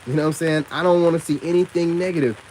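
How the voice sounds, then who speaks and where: A man with a slightly high voice talks straight to camera in a loose, slangy monologue that keeps circling back on itself. When he gets indignant, his pitch leaps up sharply. Faint rain patters behind him. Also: steady tone, very fast, darkish tone, slight background noise. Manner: loose, repetitive, full of slang and fillers. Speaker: online commentator on narcissism.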